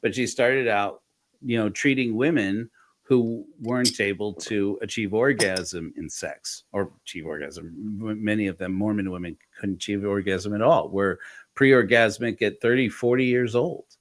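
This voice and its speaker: A man's voice: on the low side, normal speed. A middle-aged man hosting a casual podcast, telling stories and acting out the voices of the people he quotes. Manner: animated storyteller, acts out quoted voices. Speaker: podcast host.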